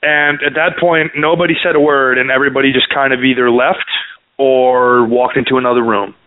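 A man from Canada, a co-host on a radio talk show, telling a family story in a wry, unhurried way. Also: medium pitch, steady tone, no echo. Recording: phone-like narrow sound, dry.

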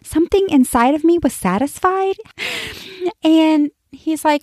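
A woman's voice: high-pitched, expressive, measured pace, a little mellow, no echo, studio quality. Candid forty-something woman telling a story. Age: 40s. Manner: candid and chatty, many fillers and asides to listeners. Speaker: podcast host. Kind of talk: personal storytelling to listeners.

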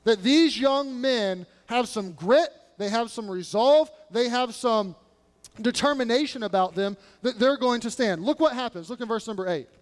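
A man's voice: very high-pitched, moderate pace. A male pastor preaching a sermon, animatedly acting out biblical characters in casual modern speech. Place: church sanctuary. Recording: long hall reverb.

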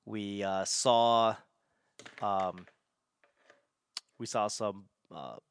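A man's voice: fairly low pitch, fairly even intonation, very slow, smooth. A man casually telling a rambling story, laughing often and swearing freely.

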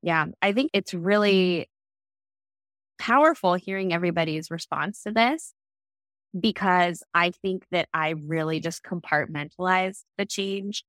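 A woman's voice: fairly low pitch, dry recording. A woman in her late thirties telling a personal story in an earnest, reflective conversational way. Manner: earnest, reflective, lively when quoting others.

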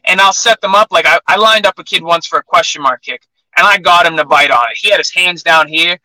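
A man's voice: a little high, fairly quick, dry recording, rough recording. A young man, an MMA fighter, telling a sparring story in a casual interview, acting out what people said. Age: young adult. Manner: animated anecdote-telling, acts out quotes.

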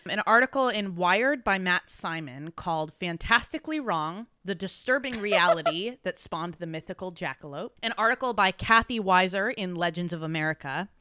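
A woman's voice: on the low side, lively intonation, moderate pace, few pauses, sharp tone, clean tone, no echo. A young woman co-hosting a podcast, trading wry, joking asides and introducing her topic. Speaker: podcast co-host. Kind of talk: casual chat and topic introduction.

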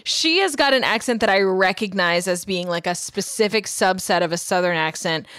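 A woman co-hosts in easy, casual chat, walking through a story in detail and tossing in quick asides. Her voice sits in a middle pitch. The recording is close and dry, with no room sound. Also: a bit bright, clean tone, dry recording. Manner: chatty plot recap with quick asides. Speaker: podcast co-host.

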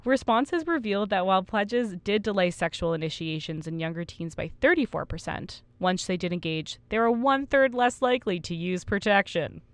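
A woman's voice: medium pitch, expressive, normal speed, few pauses, clear, resonant tone, dry recording. A woman in her twenties co-hosting a casual podcast, reading study findings aloud and laughing at her own slips. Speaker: podcast co-host.

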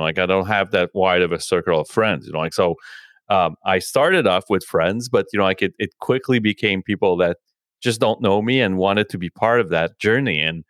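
Man, podcast host, casual talk, lots of fillers, swears, lowish voice, dry close sound. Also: a bit bright, smooth, no echo. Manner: rambling, constant "you know, like" fillers. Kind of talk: casual conversation.

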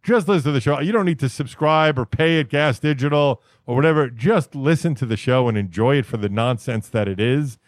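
A laid-back man chatting on a podcast, cursing easily as he tells stories. His voice sits in an ordinary middle pitch. The sound is close and dry, with no room around it. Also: fairly quick, hardly any pauses, no echo. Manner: laid-back, swears often, name-drops. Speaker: podcast host. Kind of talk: casual podcast chat.

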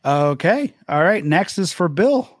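A man's voice: sits high, big pitch swings, a little slow, dry recording, studio quality. A man hosting a casual podcast quiz game, joking and self-deprecating. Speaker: quiz host.

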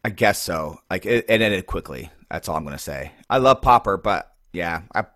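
A man's voice: deep voice, expressive, normal speed, a bit bright, dry recording, clean studio sound. A man co-hosting a card-game podcast, chatting casually and rambling with lots of fillers. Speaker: podcast co-host.

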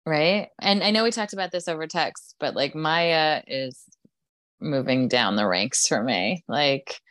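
A woman co-hosting a casual chat podcast, talking in a relaxed way with lots of fillers. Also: low voice, unhurried. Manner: conversational, filler-heavy, playful. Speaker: podcast co-host.

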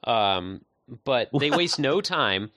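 A man in casual chat recapping a movie, laid-back and rambling with many pauses. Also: mid-range voice, animated, a bit bright, no echo.

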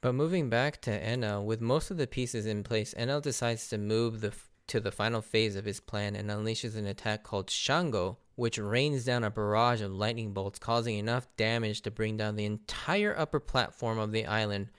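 Smooth-voiced man recapping an anime arc. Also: fairly low pitch, normal speed, few pauses. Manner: animated, laughs often, quotes characters in mock voices. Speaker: anime reviewer. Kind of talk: casual recap commentary.

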